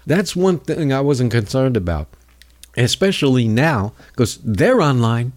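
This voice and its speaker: A male talk host in a loose, rambling monologue, sarcastic and cutting. His pitch swings widely as he talks, and he drops into mocking voices of the people he criticizes. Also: sing-song, a little slow. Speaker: political talk show host. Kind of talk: casual political monologue.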